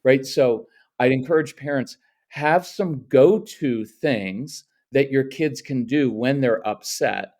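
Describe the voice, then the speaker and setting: A man's voice: medium pitch, slow pace, darkish tone. A man who is a guest parenting coach, giving advice and animatedly acting out parent and child voices in his examples. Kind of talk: casual interview advice.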